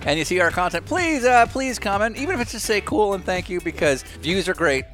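A man's voice: sits high, lively intonation, a little fast, a bit bright, soft background music. A man hosting a podcast, joking loosely through chat and a sponsor read. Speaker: podcast host.

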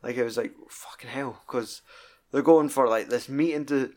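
A man talks through a film in loose, rambling chat, swearing freely. His voice sits at an everyday middle pitch, and he piles clause on clause as he recalls scenes. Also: moderate pace, a little mellow. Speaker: podcast co-host. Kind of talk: casual film review chat.

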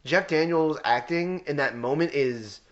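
A man, co-hosting a casual movie podcast in an excitable, animated way, saying "dude" and "like" a lot. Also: a little high, unhurried, muffled recording. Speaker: podcast co-host. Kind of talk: casual chat about a movie.

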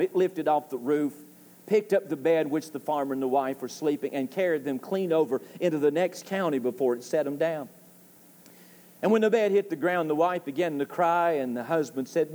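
Guy preaching in a church, kinda high voice, tells jokes, big echo hall. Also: moderate pace, darkish tone. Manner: folksy joke-telling preacher with rising emphatic calls. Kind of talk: sermon. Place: church sanctuary. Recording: long reverb of a church hall.

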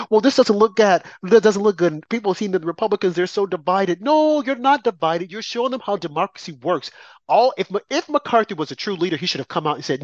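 A man co-hosting a political talk show, speaking with impassioned emphasis and lively swings in volume. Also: a little high, fairly quick, dry recording, dull audio. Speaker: co-host.

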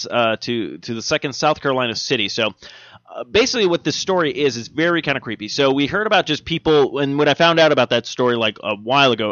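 A man's voice: medium pitch, a bit bright. A man chatting casually on a podcast, trailing off into ums and restarts as he jokes his way through odd news stories. The sound is dull and dry, like a plain home setup with no room echo. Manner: rambling, jokey, many fillers and restarts. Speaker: podcast co-host.

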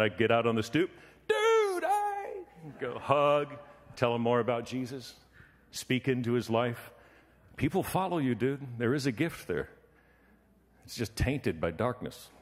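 A man preaching with lively storytelling, now and then acting out the voices of people in his story. His pitch sits in a middle range, and the sound carries the long reverb of a church hall. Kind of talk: sermon with storytelling.

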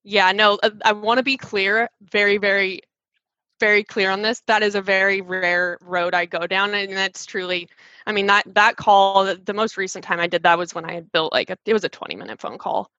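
A woman guest talking fast and animatedly about sales calls, with many restarts. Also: mid-range voice, fairly even intonation, pushed and bright, dry recording. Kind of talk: casual interview chat. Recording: dull dry sound.

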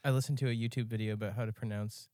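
A man's voice: lowish voice, steady tone, racing, mellow, no room sound, studio quality. A man co-hosting a film podcast, playful and emphatic, stammering a little when eager. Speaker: podcast co-host. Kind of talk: casual film discussion.

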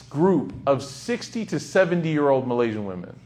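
A young man giving a casual, humorous sermon, telling stories with sudden loud bursts. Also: fairly high pitch, big pitch swings, brisk, hardly any pauses. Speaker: Islamic speaker.

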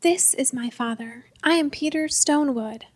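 A woman's voice: high voice, normal speed, a little mellow, dry recording, natural voice. A woman voicing a frightened, defiant young man who insists formally that he does not know his family.

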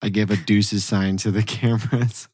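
A man's voice: on the low side, level tone, normal speed, heavy background noise. A man playing in a tabletop game, laid-back and casually swearing. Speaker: player. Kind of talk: tabletop role-play.

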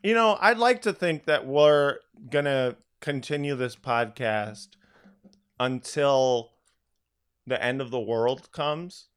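A man's voice: medium pitch, takes it slowly, a bit bright, clear, resonant tone. A tired man with allergies co-hosting a casual podcast, rambling with many fillers. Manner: rambling, hesitant, lots of fillers. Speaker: podcast co-host.

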